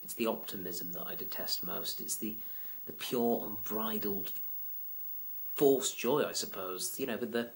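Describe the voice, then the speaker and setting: A man's voice: on the low side, a little slow, gravelly. A man, venting in a rambling, self-deprecating casual monologue to his vlog viewers. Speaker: vlogger.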